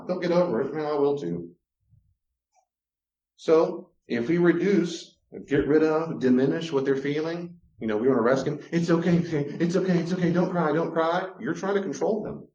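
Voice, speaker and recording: A man giving a teaching talk on relationships. He is animated and acts out the voices he quotes. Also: medium pitch. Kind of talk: lecture-style teaching. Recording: roomy, slightly dull sound.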